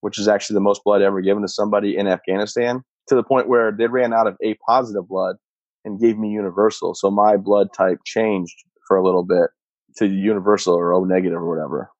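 A man in his thirties, a combat veteran, telling his own story in a steady, matter-of-fact way. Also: fairly low pitch, fast, no echo. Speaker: interview guest, combat veteran. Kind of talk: personal storytelling. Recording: dull muffled sound, dry.

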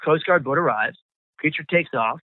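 A man, a guest on an interview, telling his own survival story with halting, repeated words. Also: a little high, no echo. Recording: tinny phone-like line.

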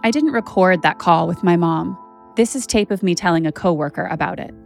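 A woman's voice: fairly low pitch, fairly quick, vocal fry, faint music behind. A woman journalist telling a personal story as a podcast narrator, candid and conversational with frequent "like" fillers.

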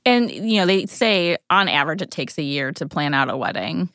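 Woman host, low and smooth, affirming, dry close sound. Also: expressive, normal speed, fairly bright tone, no room sound. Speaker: podcast host. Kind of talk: interview questions.

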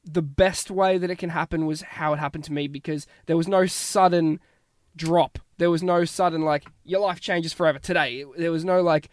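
A man's voice: on the high side, fairly even intonation, normal speed. A young Australian man chatting casually as a guest, easygoing and rambling, often trailing off into a mumble. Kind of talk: casual chat.

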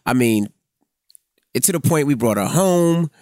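A middle-aged man co-hosting a podcast, telling a family story in a relaxed, joking way. His mid-range voice moves up and down freely, and the recording is close and dry. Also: medium pitch, a little slow, no echo. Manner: joking, backchannels with "right" and "correct". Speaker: podcast co-host, radio host. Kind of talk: casual storytelling chat.

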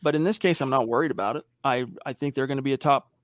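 Lively sports podcast host, dry mic. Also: male voice, medium pitch, fast talker, no room sound. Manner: animated storyteller, acts out quotes. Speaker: podcast co-host reading live chat. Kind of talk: casual sports talk.

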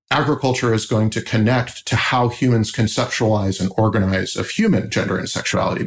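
A man's voice: lowish voice, creaky. A man answering as a researcher guest, explaining in a thoughtful, lecturing way and checking in with "right?".

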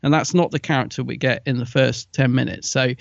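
A man co-hosting a podcast, animated in casual chat. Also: mid-range voice, vocal fry, no echo, highs cut off. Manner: animated, quick to laugh. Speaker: podcast co-host.

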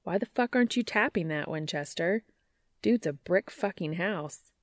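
A woman's voice: lowish voice, expressive, moderate pace, dry recording, close to an everyday voice. A woman voicing a brash, teasing young barmaid in a read-aloud story. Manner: teasing, blunt.

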